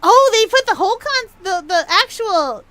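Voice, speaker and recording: A woman's voice: very high-pitched, lively intonation, moderate pace, bright, forceful tone, dry recording. A woman streaming a game and chatting playfully with her viewers, with lots of ums and laughs. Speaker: gaming streamer. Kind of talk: casual chat while live streaming a game.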